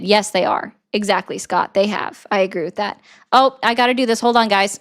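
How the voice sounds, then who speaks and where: A woman with a medium-pitched, creaky voice talks fairly quickly. She's doing blunt, sarcastic political commentary on a livestream, casually reading viewer comments from chat and answering them.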